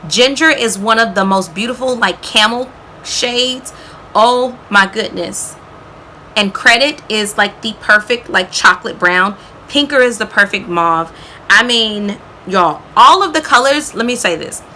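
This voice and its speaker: A woman's voice: a little high, animated, measured pace, sharp tone, a little hiss or hum. A woman beauty vlogger chatting enthusiastically about her favorite products, calling viewers y'all and girl and tagging sentences with "okay?". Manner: frequent "okay?" tags.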